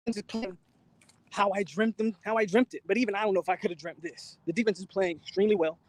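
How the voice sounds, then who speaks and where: A man hosting a live fan reaction stream, out of breath, talking in excited, repetitive slang outdoors in the wind. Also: high-pitched, fast talker. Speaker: channel host. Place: outdoors, windy.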